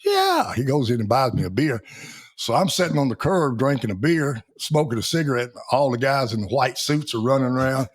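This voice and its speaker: A man's voice: mid-range voice, fairly quick, breathy edge. A man, a Navy veteran guest telling folksy stories in a podcast interview and laughing as he acts out the people in them. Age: 70s.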